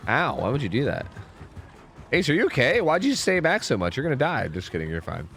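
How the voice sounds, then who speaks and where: A man's voice: mid-range voice, huge pitch swings, a little fast, creaky, fairly bright tone. A man streaming a video game, giving casual commentary with exasperated, joking, rambling asides to his chat.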